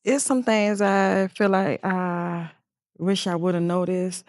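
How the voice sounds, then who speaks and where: A middle-aged woman speaks as an interview guest, earnest and reflective. Her voice sits on the lower side. The sound is dry and close. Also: level tone, slow, a little mellow, no echo. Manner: earnest, heartfelt, reflective storytelling. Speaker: interview guest, bereaved mother. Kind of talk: emotional personal interview.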